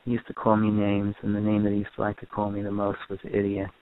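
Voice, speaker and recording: A man's voice: lowish voice, monotone, fast talker, clear, resonant tone, phone-quality sound. A man giving a recorded lecture to a group on family and parenting, repeating and rephrasing his points for emphasis.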